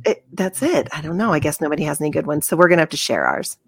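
A woman co-hosting a podcast in casual chat, self-deprecating and quick to laugh. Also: deep voice, very animated, slightly rough, dry recording, clean studio sound. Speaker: podcast co-host.

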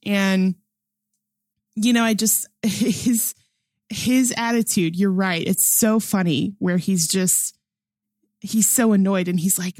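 A woman's voice: mid-range voice, slow pace, pauses often, a little mellow, no room sound, clean studio sound. A young adult woman chatting casually about a movie, enthusiastic and laughing often, with lots of fillers. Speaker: film discussion panelist. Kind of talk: casual film review chat.

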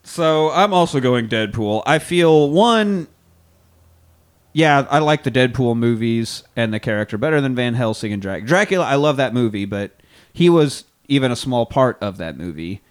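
A man's voice: mid-range voice, expressive, moderate pace, clear, resonant tone. Rambling, swearing male podcast co-host. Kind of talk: casual chat.

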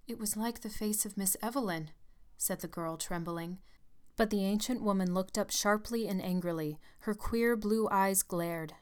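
A woman narrating a story in a measured, storytelling manner. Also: fairly low pitch, clear, resonant tone. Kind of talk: scripted narration.

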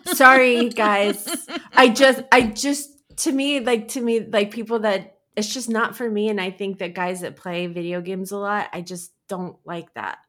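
A woman's voice: medium pitch, steady tone, a little slow, sharp tone. A woman co-hosting a podcast in casual chat, frank and full of fillers like "like" and "I don't know," swearing freely. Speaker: podcast co-host.

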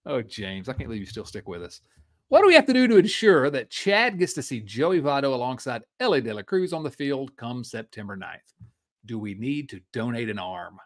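A man in his forties from the Midwest, co-hosting a casual sports podcast, chatty and quick to laugh. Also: medium pitch, very animated. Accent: Midwestern American. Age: 40s. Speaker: podcast co-host.

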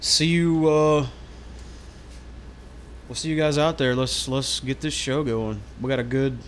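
A male podcast host with a middle-range voice, talking in loose, joking chat. He moves quickly between banter and plugs for the show. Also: medium pitch, steady tone, slight background noise. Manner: upbeat, joking, rattles off plugs.

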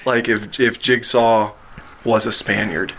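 A man co-hosting a podcast, teasing his friends in a dry, deadpan way. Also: lowish voice, takes it slowly, slight background noise. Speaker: podcast co-host. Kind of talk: casual chat.

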